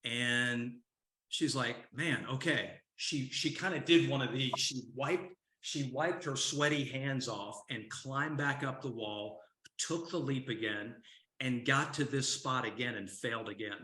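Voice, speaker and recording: Man coaching with a bright voice. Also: mid-range voice, a little slow, echoey room. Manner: storytelling, asks the audience questions. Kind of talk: motivational talk to a men's group.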